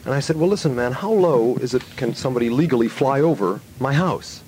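A man's voice: medium pitch, fairly quick, a little hiss or hum. A man hosting a radio show, telling a long story in loose studio chat and acting out a phone call. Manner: rambling, animated storyteller who acts out phone calls.

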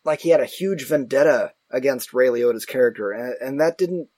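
A man chatting casually about movies as a podcast co-host, rambling and self-mocking with animated asides. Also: medium pitch, a little fast, dry recording.

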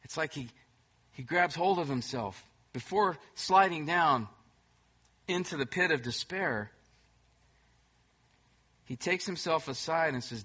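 Bright, high-voiced male preacher. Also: lively intonation, slow pace, pauses often, husky. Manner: emphatic preaching, swinging between loud bursts and soft, hushed moments. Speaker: pastor. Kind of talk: sermon.

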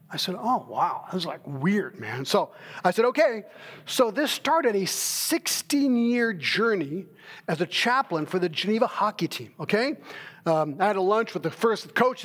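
A middle-aged man, a pastor, preaching a sermon and telling a story with animated, acted-out dialogue. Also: high voice.

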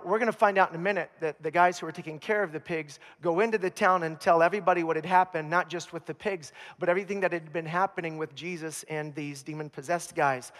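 A man preaching a sermon as pastor, telling the story with humor and animated asides. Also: on the high side, in a large hall. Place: church.

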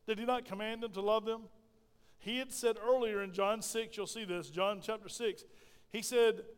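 High-voiced preaching man, hall reverb. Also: clear, resonant tone. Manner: preaching with call-and-response questions to the congregation. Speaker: pastor. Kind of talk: sermon. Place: church sanctuary.

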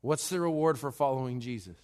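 A man preaching a sermon as pastor, slow and deliberate, building to loud urgency in a church. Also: mid-range voice, expressive.

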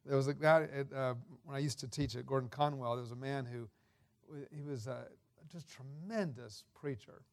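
A man in his sixties giving a sermon full of personal stories, folksy and unhurried with fillers and restarts. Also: medium pitch. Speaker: guest preacher.

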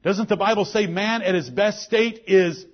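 A man's voice: high voice, moderate pace, dull audio. A male pastor preaching a sermon to his congregation, emphatic and fervent, often quoting scripture in old-fashioned biblical wording. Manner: emphatic preaching with King James scripture quotes.

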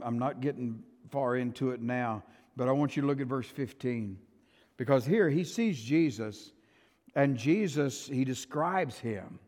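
A man preaching a sermon as pastor, telling the story dramatically with loud, high bursts and quiet, plain-spoken asides. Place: church sanctuary. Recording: long hall reverb.

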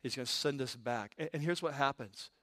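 A male pastor preaching a sermon, telling a story with lively comic energy before turning to quieter teaching. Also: mid-range voice, a little fast, no echo, studio quality.

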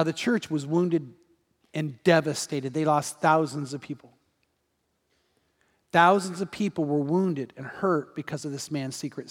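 Man, high voice, pastor preaching in a big reverberant church hall, shifts from loud pleading to hushed. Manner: storytelling, swings from loud urging to hushed. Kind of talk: sermon. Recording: long reverb of a large hall.

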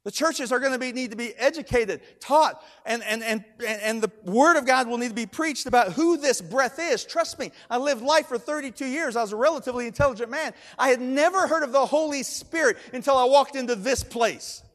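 A high-pitched middle-aged man preaching in a church, circling back on his phrases as he tells a story. His voice swells into loud, emphatic declarations. It rings with the long reverb of a large hall. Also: a little fast, hardly any pauses. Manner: storytelling preacher, repeats words, rising to loud emphatic shouts. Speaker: pastor. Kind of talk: sermon.

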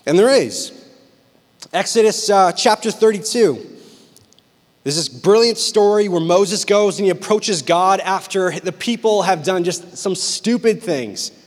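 Young male pastor, passionate storyteller with a raised pitch, preaching in a big reverberant hall. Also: a little slow. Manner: animated, intense storytelling with big swings from loud to hushed. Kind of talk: sermon with personal stories.

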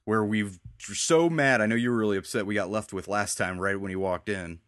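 A man with a lowish voice talks through a TV episode in a loose, rambling way, acting out characters' lines as he goes. The sound is dry and close, with no room around it. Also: a little fast, fairly bright tone, no echo. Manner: rambling, retells scenes with quoted lines. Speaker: podcast host. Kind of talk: casual TV recap chat.

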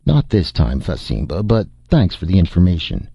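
A man's voice: sits low, huge pitch swings, moderate pace, creaky, dark tone, husky, dry recording, heavily acted. A man voicing a wry, resourceful male adventurer in an audiobook, with dry humor. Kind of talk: audiobook character voice.

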